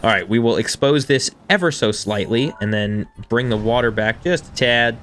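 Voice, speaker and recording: Man, thirties, casual live-stream chat, self-deprecating, mid-pitched voice, faint background music. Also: normal speed, a bit bright. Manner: chatty and self-deprecating, reading chat aloud. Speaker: game streamer.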